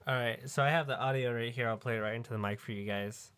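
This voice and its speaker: A man's voice: medium pitch, steady tone, fast, fairly bright tone, clear, resonant tone, no room sound. A man co-hosting a podcast, chatting casually in a crude, joking way and laughing often. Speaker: podcast co-host. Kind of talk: casual chat.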